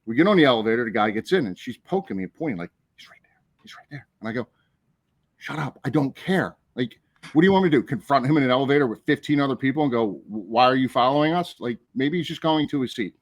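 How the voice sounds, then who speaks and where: A man with a mid-range voice tells a story in loose, casual talk. He is animated and swears freely, jumping into the voices of everyone in the tale. The sound is dry and close to the mic. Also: mid-range voice, fast talker, no room sound. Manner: animated, profane, acts out the people in his story. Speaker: podcast co-host.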